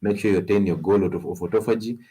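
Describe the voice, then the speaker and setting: A man with a Kenyan accent hosting a health talk stream, animated and coaxing, laughing often as he gives advice. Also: on the low side, quick pace, breathy edge. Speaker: health show host.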